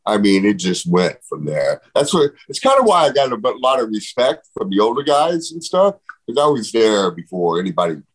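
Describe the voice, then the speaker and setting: A man telling stories in a casual interview, animated, swearing freely and acting out what others said. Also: fairly low pitch, normal speed, poor audio. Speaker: guest.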